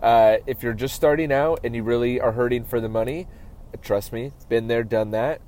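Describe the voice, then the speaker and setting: Speaking at a moderate pace in a darkish, mid-range voice, a podcast host who is also an auto detailer chats through casual business advice. He frequently restarts his sentences and keeps asking "right?"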